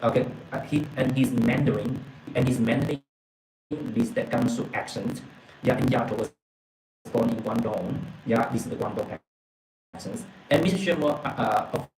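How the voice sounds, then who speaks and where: A man retelling a story from a book and reading a message aloud, halting and repeating words, often filling with okay and yeah. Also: medium pitch, darkish tone, roomy sound, a little hiss or hum, poor audio. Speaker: presenter retelling a book's story.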